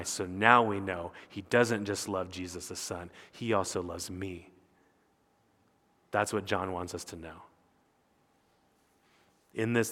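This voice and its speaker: A pastor preaching a sermon with earnest, emphatic delivery that rises and falls. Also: male voice, low-pitched, bright, forceful tone, big-room sound.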